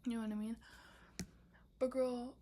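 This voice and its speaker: A woman's voice: on the high side, flat delivery, normal speed, slight background noise. A young woman casually talking through her film script idea late at night, often whispering and full of filler words. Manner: whispering, then bursting into loud asides. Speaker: student pitching a film script. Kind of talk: casual chat.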